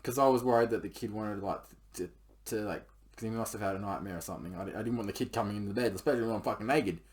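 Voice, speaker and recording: A man's voice: on the low side, racing. A man telling a crude personal story in a rambling, casual way, swearing freely and filling his talk with "like". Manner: rambling, swears a lot, heavy use of "like". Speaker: podcast storyteller.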